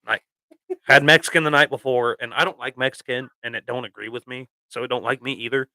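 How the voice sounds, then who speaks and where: A laid-back man tells a crude work story on a casual podcast. His voice is gravelly and bright, and the sound is close and dry. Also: mid-range voice, steady tone, fast talker, no room sound.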